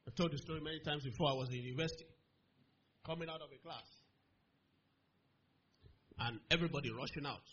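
A man's voice: on the high side, fast talker, pauses often. A middle-aged man preaching a sermon, acting out the voices in his story and asking the congregation questions. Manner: animated, acts out dialogue in shifting voices, asks congregation questions. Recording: slightly dull recording with faint noise.

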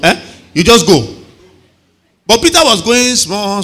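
A man's voice: high-pitched, big pitch swings, a little slow, long pauses, pushed and bright. A man preaching an evening sermon, emphatic, calling for responses and repeating his phrases. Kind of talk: evening sermon to a live and online congregation.

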